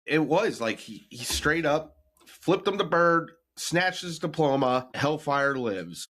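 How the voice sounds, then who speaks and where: A man co-hosting a podcast in casual chat, talking bluntly with mocking, animated rants. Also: on the high side, slow. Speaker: podcast co-host.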